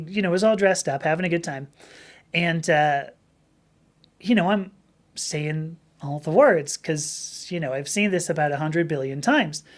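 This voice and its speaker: A middle-aged woman hosting a live stream, chatting casually with viewers and telling rambling stories. Her voice is a little rough from talking for hours. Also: lowish voice. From Southern California. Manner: rambling, chatty storytelling with many restarts. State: slightly rough voice from long talking.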